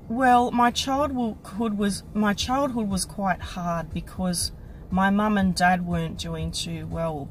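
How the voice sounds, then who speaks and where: A woman psychic medium telling a personal story to camera, reflective and halting, with many restarts. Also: mid-range voice, slight background noise, rough recording.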